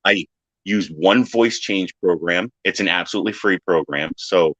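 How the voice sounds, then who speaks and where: Lively low-voiced man telling stories. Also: moderate pace, dry recording. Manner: animated storyteller, acts out quotes in silly high voices, swears freely. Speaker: podcast panelist. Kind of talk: casual chat. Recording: dry, dull lo-fi sound.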